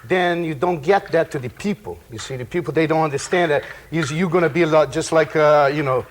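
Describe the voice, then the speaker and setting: A man with a Brazilian Portuguese accent, a native Portuguese speaker, gives a relaxed percussion class, rambling loosely and dropping in vocal sound effects. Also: a little high, brisk. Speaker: percussion teacher. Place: room with percussion table. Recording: loud percussion noise and clicks.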